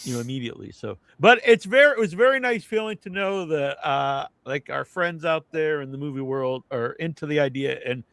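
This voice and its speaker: A man's voice: fairly high pitch, expressive, a little fast, vocal fry, hardly any pauses, fairly bright tone, no echo, low-quality recording. A man hosts a loose live podcast chat, his voice swinging up and down a lot. He rambles through stories with plenty of fillers. The sound is dry and close, with no room around it. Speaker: podcast host. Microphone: video call.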